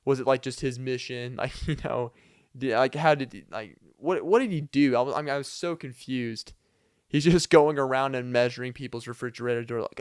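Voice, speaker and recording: Young dude rambling funny stories on his podcast, tons of uh and like, clean smooth voice, dry close mic. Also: mid-range voice, fairly quick, dry recording. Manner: loose, filler-heavy, chuckling asides. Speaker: podcast host. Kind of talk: rambling comedic storytelling.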